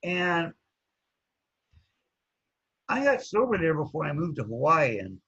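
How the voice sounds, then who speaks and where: Man, casual rambling storyteller, husky voice, muffled lo-fi recording. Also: on the high side, sing-song, measured pace, pushed and bright. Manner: rambling, keeps saying anyways. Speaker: guest telling his recovery story. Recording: dull lo-fi recording.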